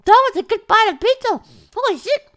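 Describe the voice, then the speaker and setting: Young woman streamer, high and very animated voice, theatrical swearing, groans into squeals. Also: brisk. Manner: dramatic, profane, swings between groans and shrieks. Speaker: VTuber streamer. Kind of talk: food challenge commentary to viewers.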